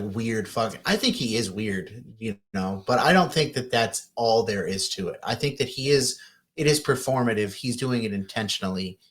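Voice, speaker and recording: A man's voice: mid-range voice, fairly bright tone. A man co-hosting a podcast, laid-back and blunt, swearing casually in chat. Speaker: podcast co-host.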